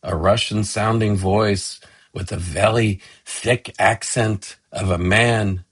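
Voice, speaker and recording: A middle-aged man narrating a gentle, affectionate family story as a tribute to his father. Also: fairly low pitch, fairly even intonation, takes it slowly, husky. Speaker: son telling a family story.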